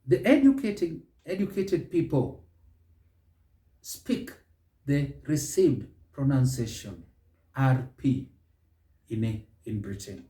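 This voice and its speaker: A man with a Kenyan accent hosting a pronunciation lesson, speaking slowly and deliberately and stretching key words. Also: mid-range voice, dark tone. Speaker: show host and English pronunciation teacher. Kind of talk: measured spoken lesson. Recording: echoey room.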